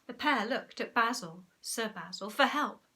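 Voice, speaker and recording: Animated woman reading a story. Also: on the high side, measured pace. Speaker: teacher. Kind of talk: storybook read-aloud.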